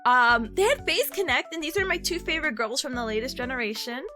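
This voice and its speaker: A bubbly woman streamer recaps her weekend in a light, high voice that leaps up into squeals. Her pitch swings wildly as she chatters, with music playing underneath. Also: quick pace. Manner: bubbly, breaks into excited squeals. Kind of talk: casual recap chat.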